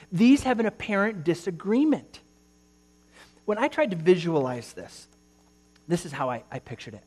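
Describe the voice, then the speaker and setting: A male pastor preaching a sermon, reading scripture aloud with emphasis and speaking in an animated way. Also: a little high.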